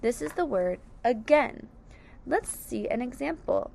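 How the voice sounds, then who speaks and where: A woman's voice: fairly high pitch, lively intonation, measured pace, gravelly, darkish tone, slight background noise. A woman teaching a phonics lesson, sounding out each word syllable by syllable with careful, over-enunciated speech. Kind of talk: slow, deliberate phonics lesson.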